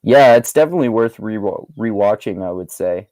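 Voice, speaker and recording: A man hosting a casual movie chat, relaxed and chuckling, with many fillers. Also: lowish voice, brisk, no echo, poor audio. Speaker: podcast host.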